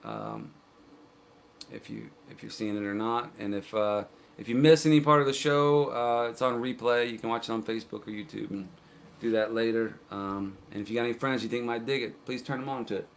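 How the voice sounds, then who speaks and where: A man's voice: mid-range voice, expressive, a little fast, vocal fry, slight background noise. A man hosting his own livestream show, chatting casually between songs as a laid-back storyteller with dry jokes. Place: indoors, streaming live. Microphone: stream cameras.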